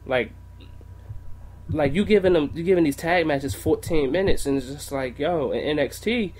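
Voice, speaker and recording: A man's voice: a little high, normal speed, darkish tone, breathy edge. A man co-hosting a wrestling podcast, ranting in a heated, profane way. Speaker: podcast co-host. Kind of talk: casual wrestling podcast rant.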